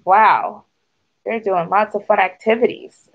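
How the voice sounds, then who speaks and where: A woman's voice: medium pitch, moderate pace. A woman reading a picture book aloud to children, stopping to ask them questions like a teacher. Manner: gentle teacher-like asides to young listeners. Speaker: speech clinic storyteller. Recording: dull lo-fi recording.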